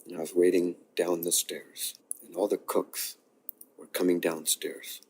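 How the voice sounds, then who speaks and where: A man from India, a chef, telling his story in an interview, earnest and animated as he acts out the dialogue. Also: measured pace, a little hiss or hum. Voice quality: low gravelly husky voice.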